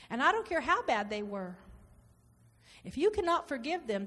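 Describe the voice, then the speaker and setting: A woman preaching a sermon, animated and repetitive, acting out inner dialogue as she speaks. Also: a little high. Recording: reverberant hall.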